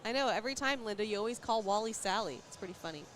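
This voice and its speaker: A woman's voice: mid-range voice, expressive, rapid-fire. An American woman doing casual, teasing play-by-play commentary at a cornhole tournament, laughing often. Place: tournament venue. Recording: noisy event venue.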